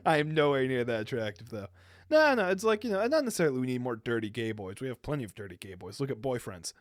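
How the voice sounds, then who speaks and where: A man's voice: mid-range voice, sing-song, fairly quick, no room sound, studio quality. A young man co-hosting a podcast, chatting casually and rambling, often breaking into laughter. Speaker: podcast co-host. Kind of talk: casual chat.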